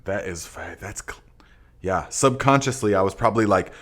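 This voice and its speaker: A man from Northern California hosting a live gardening Q&A, reading out viewer comments and answering in a relaxed, rambling way with many fillers. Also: on the low side, normal speed. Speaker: podcast host. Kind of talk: live Q&A chat.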